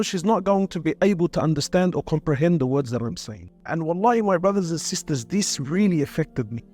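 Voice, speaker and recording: A man's voice: fairly high pitch, expressive, fast talker, few pauses, darkish tone. A man giving an earnest, emotional sermon-style talk, repeating phrases for emphasis. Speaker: Muslim speaker.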